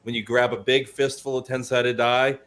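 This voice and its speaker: A man's voice: medium pitch, level tone, normal speed, a bit bright. A man who created a tabletop game explains it at a convention panel, talkative and full of restarts, with a recurring cough. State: coughing, slightly choked up. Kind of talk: casual convention panel chat.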